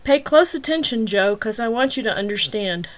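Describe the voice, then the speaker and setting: A woman's voice: fairly high pitch, animated, normal speed, natural voice. A woman reading the lines of a worried middle-aged male detective, blunt and pressing in an interrogation. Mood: stern.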